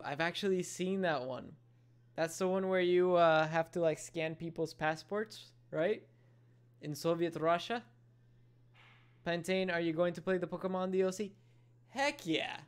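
Chatty male game streamer over loud music. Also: sits high. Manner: excitable, chatty, reads chat aloud. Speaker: gaming streamer. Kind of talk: casual live-stream commentary.

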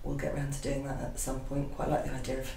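A chatty woman co-host trades stories in relaxed conversation and laughs often. She sits back from the mic, so her voice sounds distant. The room around her is echoey. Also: very deep voice, quick pace, creaky. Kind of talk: casual chat.

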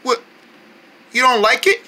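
A playful creator runs a homemade toy skit, voicing lines with a bouncy, sing-song lilt. The tone is very bright and lively, and faint hiss sits behind it. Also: mid-range voice, a little slow. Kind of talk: playful improvised skit dialogue.

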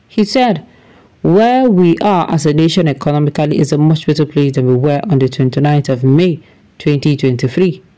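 A woman's voice: low voice, dark tone. A woman with a Nigerian accent, reading a news report and then giving emphatic, exasperated commentary with pidgin phrases.

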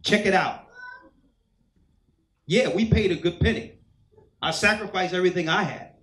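A man's voice: high-pitched, normal speed, a bit bright, roomy sound, poor audio. A man preaching as a church elder, telling a personal testimony and acting out the voices of people in his story. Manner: storytelling, acts out quoted voices. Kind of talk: sermon testimony.

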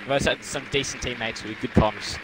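A man's voice: mid-range voice, fairly even intonation, fairly quick, over a noisy crowd, poor audio. A young man playing against a streamer, boasting and brushing off the streamer's jabs. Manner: boastful, defensive. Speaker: opponent player. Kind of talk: competitive gaming banter.

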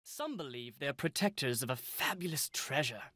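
A man's voice: medium pitch, big pitch swings, normal speed, pushed and bright. An actor playing a formal, lecturing male historian in a video game, speaking. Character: pompous English male historian, scholarly. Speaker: researcher character.

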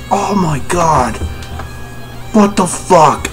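A man reacting live to a comic chapter, swearing constantly and bursting into yells. His pitch swings widely as he talks, with faint music playing behind him. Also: moderate pace. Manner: excitable, profane, yelling in bursts. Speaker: manga reviewer.

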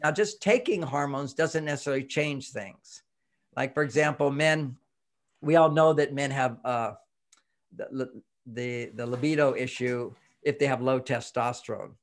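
A man's voice: mid-range voice, measured pace. A man who writes on relationships, talking in a casual interview, acting out quoted voices and chuckling as he explains. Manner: animated, acts out quoted voices, chuckles often. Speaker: relationship author and expert guest.

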